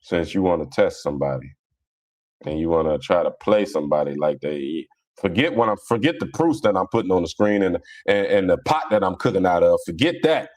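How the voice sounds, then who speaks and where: A man's voice: low-pitched, animated, fairly quick, a little mellow. A man from Cincinnati with a Cincinnati accent, an online preacher ranting bluntly in casual streetwise talk on a livestream. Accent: Cincinnati, African American Vernacular English. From Cincinnati, USA.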